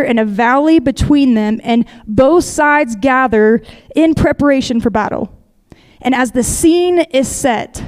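A woman's voice: high-pitched, a little mellow, clear, resonant tone. A woman giving a sermon, reading scripture aloud and explaining it conversationally, inviting listeners to picture the scene. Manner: reads scripture aloud steadily. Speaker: preacher.

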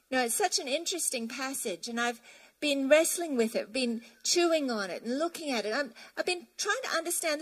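Animated woman preaching a sermon. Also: sits high, moderate pace, low-quality recording. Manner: emphatic, animated preaching with scripture reading.

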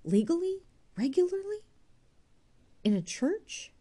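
A woman's voice: medium pitch, big pitch swings, moderate pace, dark tone, pitched above the performer's own voice. A woman reading aloud voices a weary, bitter young man who speaks in a tense, clipped way. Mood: troubled.

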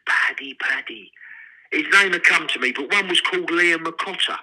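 An older man, telling profane, animated prison stories in an interview. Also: fairly high pitch, rough recording. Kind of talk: storytelling.

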